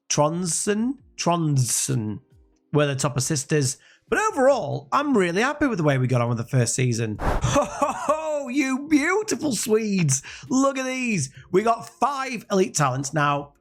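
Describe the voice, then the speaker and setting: A young man doing excitable, jokey, rambling let's-play commentary. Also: fairly high pitch. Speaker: gaming YouTuber.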